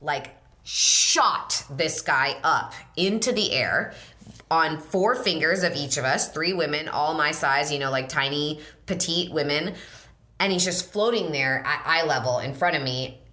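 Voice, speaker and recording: A woman from Northern California with a Californian accent, telling stories animatedly as a podcast guest, saying "like" constantly and bursting into excited exclamations. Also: low voice, a little slow. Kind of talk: casual interview chat.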